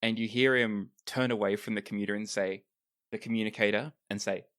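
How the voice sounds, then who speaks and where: A game master narrating a tabletop role-playing game in a relaxed, descriptive way. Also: mid-range voice, brisk.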